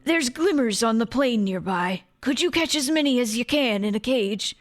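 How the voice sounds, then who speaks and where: A woman voicing a friendly, gruff male fairy dwarf craftsman with a put-on accent, talking slow and low. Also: animated, close to an everyday voice. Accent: put-on accent, British-sounding.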